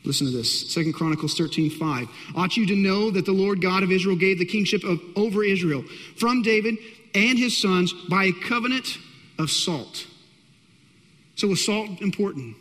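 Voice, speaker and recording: A male pastor with a high-pitched voice preaches with emphatic, repetitive phrasing, talking straight to his congregation. His voice rings out in a church hall with a long, lingering reverb. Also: normal speed, fairly bright tone. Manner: emphatic, repeats key phrases, direct address to congregation. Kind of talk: sermon.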